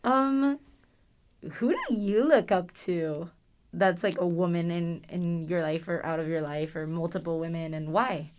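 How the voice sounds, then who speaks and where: A woman's voice: lowish voice, a little slow, darkish tone, a little hiss or hum. A young woman hosting a casual podcast, chatty and playful, with lots of fillers. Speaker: host.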